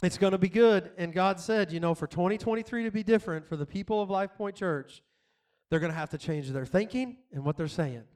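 A middle-aged pastor preaching in a loose, chatty way, asking "why?" again and again and laughing between points. His voice sits high for a man. The delivery stays personal and encouraging. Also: a little fast, a little mellow. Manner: conversational, repetitive rhetorical questions, laughs often. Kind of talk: sermon.

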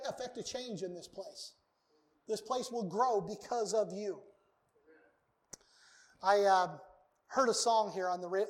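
A male pastor preaching a sermon to his congregation, earnest and emphatic, repeating key words for weight. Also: high-pitched. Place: church sanctuary.

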